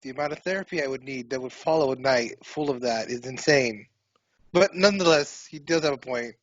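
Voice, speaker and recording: A man's voice: mid-range voice, a little fast, no echo. A man co-hosting a podcast, dryly correcting and adding wry comments. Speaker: podcast co-host. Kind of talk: casual chat. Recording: dry, dull lo-fi audio.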